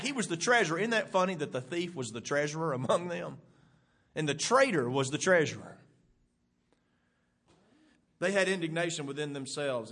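Husky, high-voiced preacher. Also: male voice. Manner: animated, rising to emphatic bursts; rhetorical questions to the congregation. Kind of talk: sermon.

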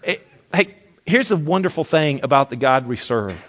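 A man preaching a sermon emphatically, dropping low for weight and restarting with repeated words. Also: lively intonation, normal speed, a bit bright. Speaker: pastor.

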